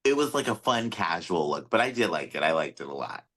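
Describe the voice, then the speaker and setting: A man's voice: sits low, big pitch swings, a little fast, fairly bright tone. A man co-hosting a podcast in casual chat, speaking in a loose, candid way with many fillers. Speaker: podcast co-host.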